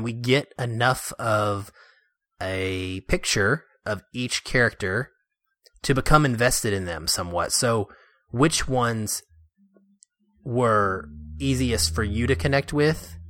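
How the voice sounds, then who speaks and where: A man co-hosting a casual movie discussion, animated and laughing often as he acts out quotes. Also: mid-range voice, a little slow, dry recording, studio quality. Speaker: podcast co-host.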